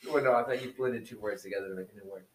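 A man's voice: fairly low pitch, very fast, recorded from a distance. A man who teaches, chatting casually on a podcast and telling classroom stories with easy laughs. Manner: storytelling, laughs easily. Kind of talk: casual chat. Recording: roomy echo, set back from mic.

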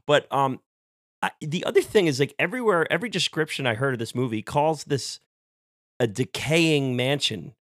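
Halting, rambling man in dry close sound. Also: mid-range voice, lively intonation, fairly bright tone, no room sound. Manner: rambling, halting, many restarts. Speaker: podcast co-host. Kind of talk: casual film discussion.

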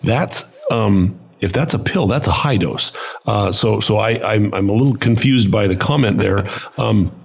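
Gravelly, husky man with a low voice. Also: a little slow, highs cut off. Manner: hesitant, many restarts and fillers. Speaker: doctor co-host. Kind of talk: casual podcast chat.

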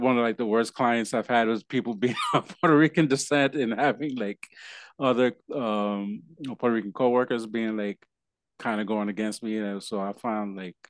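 A podcast host with a low voice talks in a casual interview, halting often and filling his speech with fillers and restarts. The recording is dry, with a close sound.

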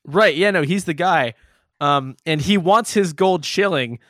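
A man's voice: fairly high pitch, measured pace, no room sound, clean studio sound. A man co-hosting a casual movie review chat who jokes and laughs a lot. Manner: animated, laughs often, jokey asides. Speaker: podcast co-host.

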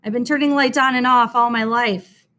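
A woman's voice: a little high, fairly even intonation, moderate pace, sharp tone, smooth. A woman reading a storybook aloud, voicing an earnest, well-meaning schoolboy who talks in a matter-of-fact way.

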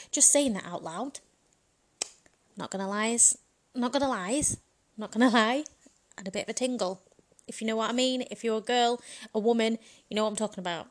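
A woman in a frank, bawdy comedic monologue, chatting casually and laughing often. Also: on the high side. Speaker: vlogger.

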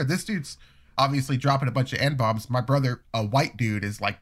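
A young man in a casual chat, telling a long story in a rambling, profane, animated way. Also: mid-range voice, moderate pace. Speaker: storyteller guest.

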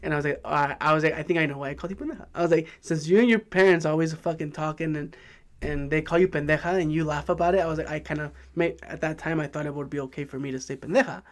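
A man with a high voice talks fast in a casual podcast chat. He tells loose stories full of swearing and laughs along the way. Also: steady tone. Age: older than co-hosts. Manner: storytelling, swearing, laughing often. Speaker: podcast co-host.

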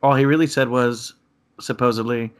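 Regular-pitched guy hosting a podcast, jokey, makes fun of himself. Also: steady tone, normal speed. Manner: jokey and self-deprecating. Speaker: podcast host. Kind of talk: casual chat.

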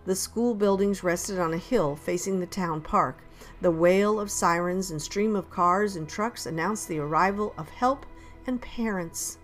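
A woman reading a first-person audiobook in a measured, steady storytelling manner. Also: on the low side, soft background music. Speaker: audiobook narrator.

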